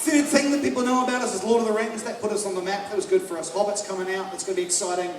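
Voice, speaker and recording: Crowd laughter and noise fill an echoey live room as a North American comic, heard through a distant mic, fires off a brash, profane set with mocking impressions. His voice is high, rapid-fire, and fairly even in intonation.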